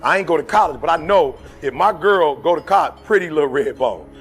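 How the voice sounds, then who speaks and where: A man's voice: on the high side, lively intonation, a little fast. A middle-aged man from Detroit, giving a fiery, slangy motivational speech full of stories. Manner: fiery, preachy, slangy storytelling. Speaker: motivational speaker. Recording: faint music underneath.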